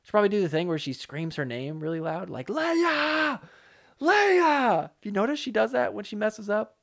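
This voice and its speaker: A man's voice: high voice, quick pace, creaky. A man hosting a solo pickleball commentary podcast, talking casually and joking around. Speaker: podcast host.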